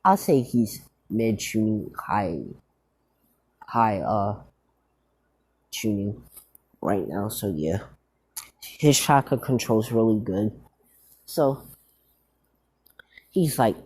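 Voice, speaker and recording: A man's voice: lowish voice, animated, drawn-out words, pauses often, darkish tone, breathy edge. A man casually retelling a fan-made story, rambling with many fillers and restarts.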